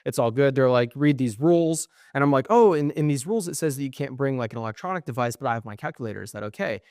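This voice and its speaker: A young man co-hosts a podcast and tells a long, rambling personal story. He swears freely and acts out both sides of the conversation. His voice sits at an average pitch, and the recording is dry and close. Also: fast talker, no echo. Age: young adult. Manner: animated, profane, acts out quoted exchanges. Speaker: podcast co-host. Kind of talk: casual storytelling.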